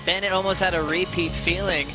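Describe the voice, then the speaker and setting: A man's voice: high-pitched, steady tone, fairly quick, loud music behind the voice, rough recording. A man hosting a post-show sports broadcast, polished and steering the talk with questions to his analysts. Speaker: host.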